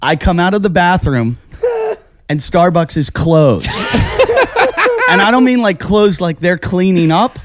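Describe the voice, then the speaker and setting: A man hosting a casual podcast, telling a long comic story and acting out his own yelling. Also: high-pitched, wildly swooping pitch, slow pace, long pauses. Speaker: podcast host. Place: house.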